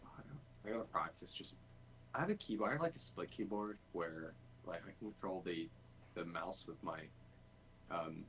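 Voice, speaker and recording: A man's voice: low voice, normal speed, fairly bright tone, slight background noise, low-quality recording. A man streaming game development, thinking aloud in a casual, rambling way with lots of fillers. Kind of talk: casual dev stream chat.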